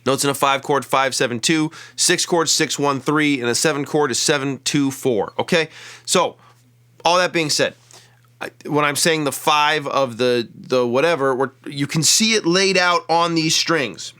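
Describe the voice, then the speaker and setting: A man teaching a casual guitar lesson, upbeat and explaining step by step with quick asides. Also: on the high side, sharp tone, smooth.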